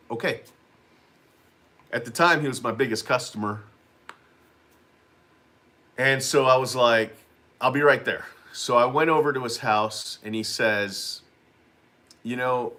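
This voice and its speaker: A man's voice: mid-range voice, a little slow, pushed and bright. A man who runs a lawn care business, casually telling a story to camera, rambling and repeating himself with lots of "you know what I mean.".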